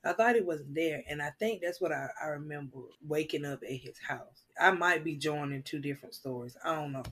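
A woman, guesting on a casual chat podcast and telling funny stories with animated quoted voices. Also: deep voice, fairly quick, breathy edge. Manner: animated, acts out quotes, laughs loudly.

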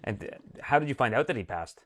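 A man interviewing a guest, asking brisk, direct questions. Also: mid-range voice, animated, a bit bright.

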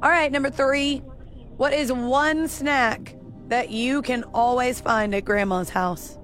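A woman hosts a morning radio game with a bright, high voice. She is bubbly and encouraging and laughs easily. Faint music plays under her. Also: fairly even intonation, takes it slowly. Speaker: radio show host.

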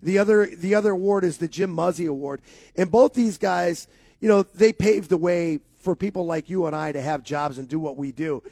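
An emphatic male sports radio co-host talks in a casual, lively way. His voice sits a little high for a man. The sound is dry and close on a studio microphone. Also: normal speed, dry recording.

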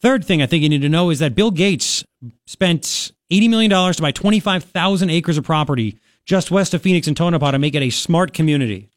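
Radio host, male, thirties, chatty and rambling, a touch high-pitched, dry studio sound. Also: lively intonation, fast talker, no echo. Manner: rambling, chatty, lots of restarts and fillers. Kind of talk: casual talk radio monologue.

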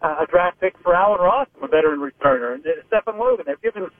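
High-voiced man on a phone line. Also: lively intonation, fast, no echo. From Pittsburgh. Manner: rambling, hesitant, many restarts. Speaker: sports reporter guest. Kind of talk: phone-in sports radio analysis.

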